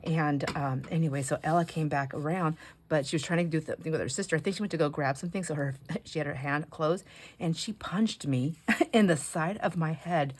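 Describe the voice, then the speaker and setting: A middle-aged woman and grandmother chatting casually while she crafts at home. She rambles and often drops into soft, near-whispered asides. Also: deep voice, a little fast, slight background noise.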